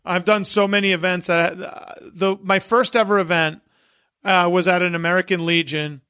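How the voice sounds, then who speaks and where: A man, an event promoter, telling lively stories as a guest on a podcast and acting out what people said. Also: high-pitched, normal speed, smooth, dry recording, clean studio sound. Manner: animated anecdote-teller who acts out quotes. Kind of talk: casual interview storytelling.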